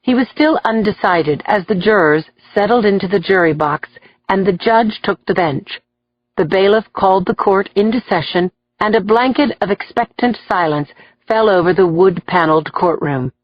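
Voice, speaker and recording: A woman narrating an audiobook in a steady, clear storytelling manner. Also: mid-range voice, moderate pace, dry recording, highs cut off.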